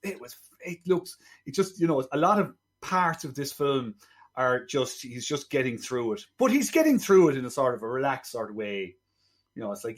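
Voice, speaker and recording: A man co-hosting a podcast, chatting casually about a film in a rambling way with quick asides. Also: mid-range voice, big pitch swings. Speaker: podcast co-host. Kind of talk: casual film review chat.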